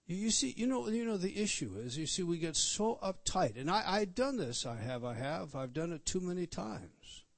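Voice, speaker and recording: A man's voice: sits high, very animated, moderate pace, vocal fry, hardly any pauses, no room sound. A man preaching an expository sermon, emphatic, repeating words and turning to the listeners with questions. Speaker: pastor.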